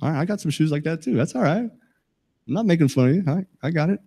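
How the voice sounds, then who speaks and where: A man's voice: a little high, animated, fast, gravelly, warm tone, slightly rough. A middle-aged man giving a safety talk to a live audience, folksy and joking, asking the listeners questions. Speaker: safety presenter.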